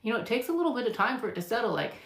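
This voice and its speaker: A woman's voice: a little high, sing-song, rapid-fire, creaky. A woman nurse practitioner answering viewer questions in casual live talk, emphatic and chatty, with lots of fillers and acted-out patient lines. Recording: echoey room.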